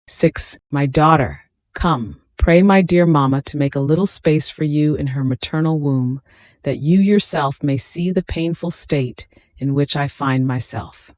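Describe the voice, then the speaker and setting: A reader voicing a suffering infant Christ in a slow, tender, pleading devotional reading. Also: mid-range voice, darkish tone, dry recording, clean studio sound, lightly acted.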